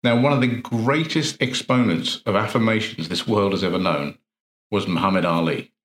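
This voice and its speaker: A man's voice: fairly low pitch, normal speed, a bit bright. A man, an NLP coach, giving an earnest motivational talk full of rhetorical questions and repeated phrases. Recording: roomy echo.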